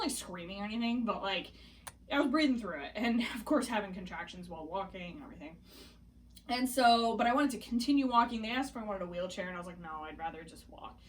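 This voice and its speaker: Young pregnant woman, casual vlog storytelling, chatty, laughs a lot, slightly high voice, a bit away from the mic. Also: far from the mic, slight background noise. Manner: chatty, laughing often, animated retelling. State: pregnant, hiccuping. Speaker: vlogger.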